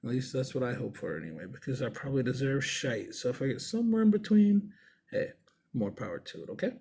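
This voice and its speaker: A body piercer telling a story in a casual, rambling, laid-back way, swearing freely. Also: male voice, mid-range voice, sing-song, fast, creaky, warm tone, slightly rough.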